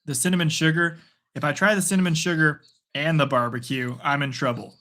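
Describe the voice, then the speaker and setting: Give me a chatty male host doing live play-by-play, bright and forward in tone. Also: a little high, fairly even intonation. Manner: casual, chatty, quick bursts of play calling.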